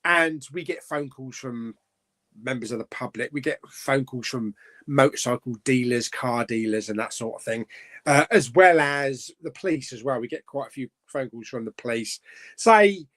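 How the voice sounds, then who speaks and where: A man's voice: mid-range voice, normal speed, a bit bright. A middle-aged man hosting a casual live stream, chatting about films and reading out viewer comments, rambling with fillers and chuckling often.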